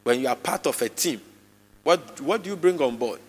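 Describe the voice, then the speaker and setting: A male pastor delivers a live sermon in a church hall, his mid-pitched voice trailing a long reverb. He drives his points home by repeating phrases and leaping up sharply in pitch and volume before dropping back low. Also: expressive, normal speed, breathy edge. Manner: emphatic, with sudden swings in pitch and loudness.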